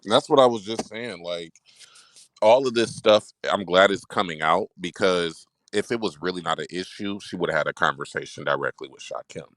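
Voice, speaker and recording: A man with a very deep, low voice talks things through on a livestream, direct and measured. The sound is dry and close. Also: a bit bright, no room sound, low-quality recording. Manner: direct, measured, speaks in long reasoning runs. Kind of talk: casual livestream chat.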